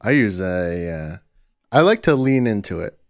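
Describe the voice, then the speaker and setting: A man's voice: lowish voice, very animated, measured pace, dry recording. A man from New Jersey, a podcast co-host, chatting casually with a dry, laughing manner and reading out listener questions. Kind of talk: casual comedy chat.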